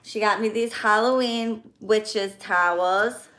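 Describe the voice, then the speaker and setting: Gushing and effusive, a woman in her thirties talks casually to viewers while going through her birthday gifts and thanking everyone. She speaks slowly at a medium pitch with a fairly bright tone.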